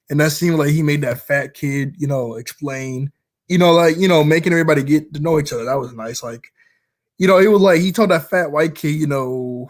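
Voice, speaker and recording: A man's voice: fairly high pitch, a little fast. A man chatting casually about movies he likes, rambling along, often chuckling as he retells scenes. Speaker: vlogger.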